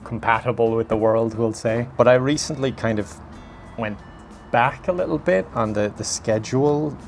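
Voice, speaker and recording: A man's voice: mid-range voice, moderate pace, creaky, soft background music. A young man and YouTuber talking casually to camera at home, rambling and self-mocking, laughing often. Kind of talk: casual vlog talk to camera. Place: at home, indoors and outdoors. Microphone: phone camera.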